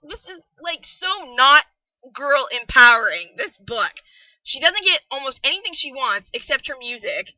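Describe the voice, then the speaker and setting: A young woman reviewing a book on a podcast, ranting in an exasperated, animated way and swearing freely. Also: high-pitched, moderate pace, no echo, highs cut off.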